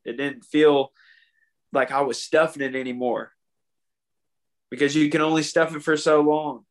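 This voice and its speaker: A man's voice: fairly high pitch, fairly even intonation, moderate pace. A man in his thirties, speaking heartfelt and confessionally in a casual podcast conversation, often adding "man" and "you know.". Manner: heartfelt and confessional, with many restarts.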